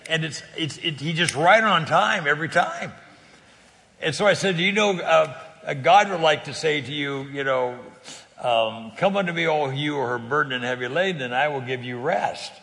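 A man being interviewed, telling a faith story in a lively way, laughing often and acting out the people in it. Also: fairly high pitch, normal speed, vocal fry, big-room sound. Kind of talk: animated storytelling in a talk-show interview.

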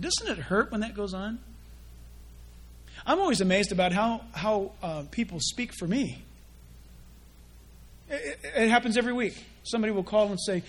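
A high-voiced male pastor delivers an animated sermon, slipping into quick quoted voices to act out gossips and people at prayer.

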